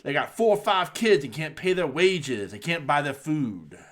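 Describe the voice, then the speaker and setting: A man doing an impression of a brash, boastful male pro wrestler, with a slow, drawn-out, preacher-like delivery. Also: on the high side, lively intonation, lightly acted.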